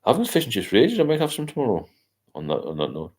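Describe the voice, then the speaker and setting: A man's voice: medium pitch, huge pitch swings, rapid-fire. An older man, hosting a casual late-night livestream and rambling as he reads out viewer comments. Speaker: livestream host.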